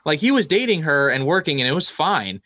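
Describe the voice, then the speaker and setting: A man co-hosting a podcast in casual chat, wry and quick to laugh, with lots of "like". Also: on the high side, big pitch swings, bright, forceful tone, no room sound, clean studio sound. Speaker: podcast co-host.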